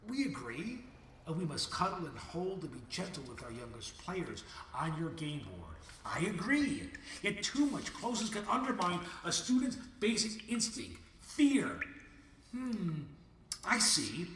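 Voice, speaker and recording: Male podcaster, theatrical confessional monologue, fairly high voice, roomy distant sound. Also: very animated, a little slow, a little hiss or hum. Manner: theatrical, swinging from booming to hushed. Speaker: podcast host. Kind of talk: dramatic spoken monologue addressed to God.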